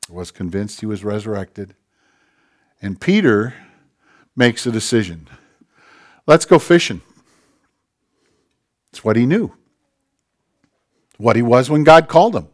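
A man preaching a sermon as pastor, swinging between quiet, hushed passages and slow, emphatic declarations. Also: medium pitch. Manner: dynamic, swings from hushed to emphatic, drawn-out phrases.

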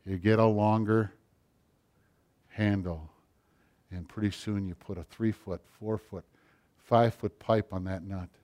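Man preaching with wide swings in loudness. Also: lowish voice, steady tone, measured pace, long pauses. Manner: swings from loud preaching to near-whispered quiet passages. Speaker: pastor. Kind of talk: sermon.

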